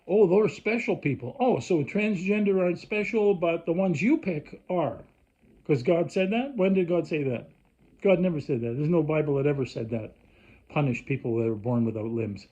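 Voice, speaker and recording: A man's voice: a little high, dark tone, dull audio. A man from Canada, ranting in a rambling, worked-up way with lots of restarts. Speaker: vlogger. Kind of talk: rambling casual rant.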